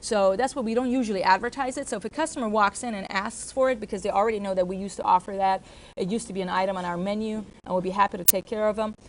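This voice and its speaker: A woman's voice: mid-range voice, fairly even intonation, quick pace, slight background noise. Woman explaining restaurant procedures to staff. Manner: explanatory, with fillers and self-corrections. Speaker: restaurant trainer. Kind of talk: staff training talk.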